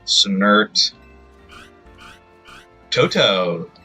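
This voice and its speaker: A man's voice: on the low side, animated, very slow, bright, forceful tone, breathy edge, soft background music. A man live-streaming a video game, chatting casually and rambling to himself with self-deprecating remarks.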